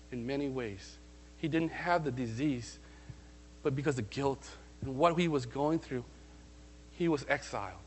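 A man preaching a sermon in a lively, conversational way, often asking his listeners questions. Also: mid-range voice, a little hiss or hum. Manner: animated, conversational, asks the congregation questions. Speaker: pastor.

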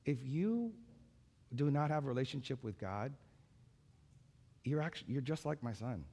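A man's voice: medium pitch, lively intonation, normal speed, long pauses, mellow. A man, a pastor and father, giving a sermon in a conversational way, with many fillers and repeated phrases.

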